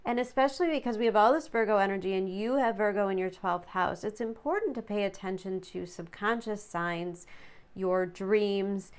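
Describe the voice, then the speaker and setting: A tarot reader gives her viewers a casual reading, chatty and upbeat, reading the card texts aloud and stumbling over words now and then. Her voice is mid-range with a clean tone, at a moderate pace.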